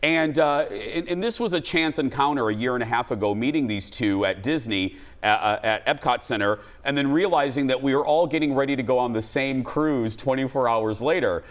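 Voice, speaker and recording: A man's voice: mid-range voice, brisk, hardly any pauses. A male talk show host in his forties, from Minnesota, chatting casually and laughing often. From Minnesota, USA. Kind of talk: casual chat.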